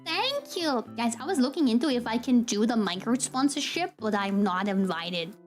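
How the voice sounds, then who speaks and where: A young woman streamer with a high, bright-pitched voice rants animatedly through a story, breaking into frequent laughs as she chats with her viewers. It is casual live-stream talk, with soft music playing faintly underneath. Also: lively intonation, moderate pace.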